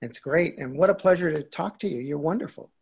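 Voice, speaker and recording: An older man tells stories in a relaxed interview, his voice sitting a little high for a man. He gets animated and acts out the lines he quotes. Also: fairly quick, creaky, slightly rough. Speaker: guest actor. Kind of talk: casual interview chat.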